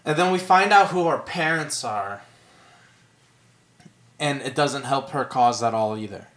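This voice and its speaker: A man's voice: mid-range voice, animated, a little slow, a bit bright. A man co-hosting a podcast, chatting about a movie in a laid-back way with crude jokes and lots of agreeing. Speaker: podcast co-host. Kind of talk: casual movie chat.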